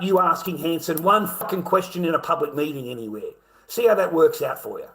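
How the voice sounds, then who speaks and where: A middle-aged Australian man rants straight to his audience, sarcastic and mocking, with heavy swearing. His voice sits a little high and has a sharp, bright edge. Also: animated, brisk, slight background noise. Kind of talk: ranting monologue.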